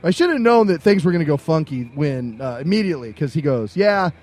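A man's voice: a little high, animated, quick pace, darkish tone. A middle-aged man co-hosting a podcast, telling a long anecdote in a casual way, acting out the other people's lines and laughing often. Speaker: podcast co-host. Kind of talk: casual storytelling.

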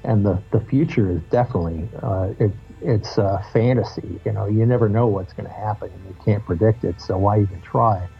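A man's voice: on the low side, brisk, creaky, hardly any pauses, soft background music. A man being interviewed as a guest musician on a podcast, talking in a candid, reflective and loose way, swearing now and then. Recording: muffled lo-fi audio.

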